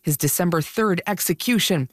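A woman correspondent delivering a scripted news report in a crisp, formal way. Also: lowish voice, animated, normal speed, no room sound, clean studio sound.

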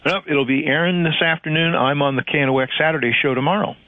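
A man from Cajun Louisiana giving a relaxed, conversational weather forecast on a radio show. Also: fairly high pitch, fast, no echo. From Cajun part of Louisiana. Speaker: radio meteorologist. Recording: tinny phone line.

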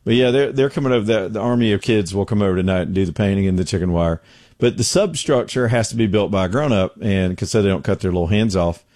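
A man's voice: fairly low pitch, fast, a little mellow, dry recording. A middle-aged man hosting a talk show from his home studio, telling stories in a folksy, joking way. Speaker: radio show host. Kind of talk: casual talk show chat.

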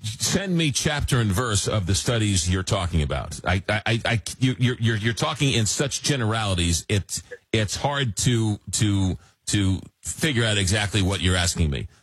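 A man's voice: lowish voice, expressive, normal speed, slightly rough, no echo. A man hosting a late-night call-in radio show, reading listener messages aloud with many fillers and restarts. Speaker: radio talk show host.

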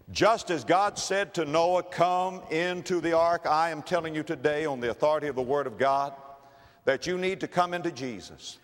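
A man preaching an impassioned sermon, swinging between loud appeals and hushed words. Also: mid-range voice. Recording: echoey hall, long reverb.

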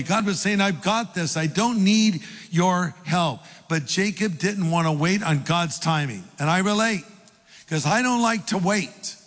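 An older pastor preaching a sermon with folksy, self-deprecating stories. His voice sits somewhat high for a man. A long hall reverb trails every phrase. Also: fairly bright tone. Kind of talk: sermon with storytelling.

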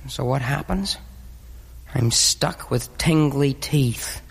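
A woman's voice: rumbling low, slow, creaky, very noisy, exaggerated voice. A woman playing a dramatic, cat-hating male pet dog in a stage musical, brooding in theatrical self-pity. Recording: reverberant stage recording.

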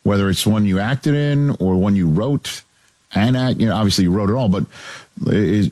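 A man interviewing a guest, asking halting questions. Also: fairly low pitch, darkish tone, no echo.

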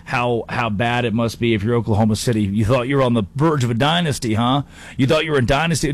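A man hosting a sports talk show, delivering an energetic, jokey monologue with quick asides and playful impressions. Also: mid-range voice. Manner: animated, jokey, slips into mock impressions. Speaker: sports talk radio host.

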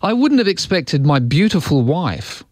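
A man's voice: on the high side, very animated, normal speed, darkish tone, no echo, studio quality. A man hosting a radio show, chatting casually and poking fun at himself. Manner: self-mocking, joking. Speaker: radio host. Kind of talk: casual on-air chat. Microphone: studio microphone.

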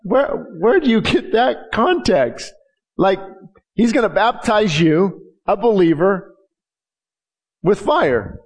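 A man's voice: high-pitched, sing-song, slow, pauses often, husky. Passionate male pastor preaching. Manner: passionate, with dramatic quoted prayers and frequent restarts. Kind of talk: sermon.

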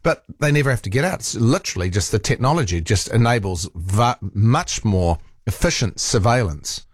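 A male talkback host with a New Zealand accent, speaking in a lowish, relaxed register. He rambles chattily and restarts his sentences often. The sound is dry and close on a studio microphone. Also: normal speed, no echo. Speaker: radio talk show host. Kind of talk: casual talkback chat.

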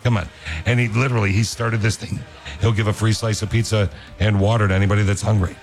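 A man's voice: fairly low pitch, level tone, quick pace, faint music behind. A man hosting a radio show, talking enthusiastically in a casual chat style. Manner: enthusiastic, repeats praise. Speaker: radio host. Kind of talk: upbeat morning radio chat.

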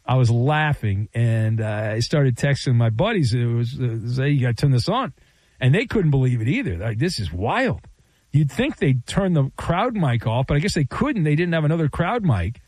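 A man's voice: mid-range voice, expressive, a little mellow, no room sound. A male sports radio host telling stories with wry asides, speaking into a studio microphone. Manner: wry, storytelling, quick asides.

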